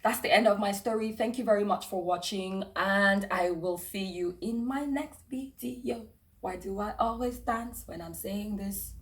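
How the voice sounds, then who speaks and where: A woman's voice: mid-range voice, unhurried. A young Nigerian woman with a Nigerian accent, chatting and laughing through a casual travel storytime vlog. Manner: chatty and animated, many fillers and laughs. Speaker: travel vlogger.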